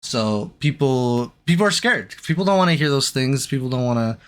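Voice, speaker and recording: A man speaking on a stream, apologizing in a halting, unsure way. He restarts his sentences and fills pauses with ums and uhs. His voice sits at a middle pitch for a man. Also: expressive, smooth. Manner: hesitant, halting, many restarts and fillers.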